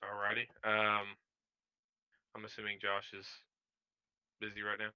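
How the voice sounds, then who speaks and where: Bright flat-voiced man on lo-fi audio. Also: fairly low pitch, measured pace, clear, resonant tone. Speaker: player. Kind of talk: playing a tabletop game.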